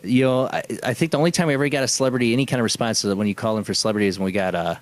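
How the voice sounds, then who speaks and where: Racing along at medium pitch, an American call-in spirit-box show host chats casually on a live stream. He's friendly, laughs often, and stammers when starting his sentences.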